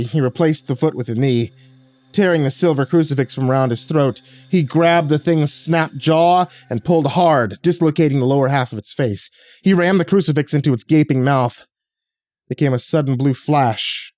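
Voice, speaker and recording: A man's voice: medium pitch, darkish tone, no room sound. A man reading a horror story aloud in a dramatic storytelling manner. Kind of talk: scripted horror narration.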